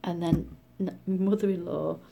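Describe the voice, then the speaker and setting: A middle-aged woman from Britain telling a story in a casual vlog, chatty and animated, often dropping to a whisper. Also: on the low side, a little slow, vocal fry, dull audio. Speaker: vlogger.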